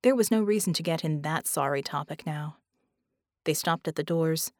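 A woman reading an audiobook in a measured, steady storytelling voice. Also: low voice, no echo, clean studio sound. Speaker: audiobook narrator. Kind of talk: scripted audiobook narration.

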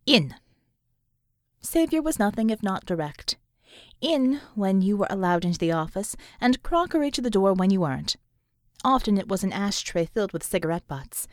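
Reading scripted audiobook narration, a medium-pitched woman keeps her storytelling calm, even and measured. The studio sound is clean, with no room sound.

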